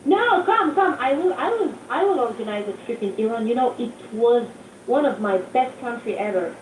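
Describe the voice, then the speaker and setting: A French-accented woman gushes about travel in a lively, swooping voice, her pitch riding high. She sounds far from the mic, in an echoey space with a faint hiss behind her. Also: moderate pace. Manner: excitable, gushing. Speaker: travel organizer in group chat. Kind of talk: casual group audio chat.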